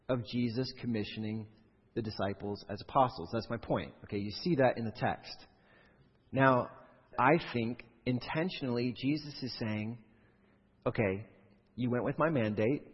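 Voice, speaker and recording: A man preaching a sermon with a slightly husky voice, moving between plain reading of the text and animated bursts where he acts out quoted voices. The sound is dull and lo-fi, with a long reverb tail from a large hall. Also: moderate pace. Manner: animated preaching, acts out voices and rises sharply in pitch and volume. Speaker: pastor.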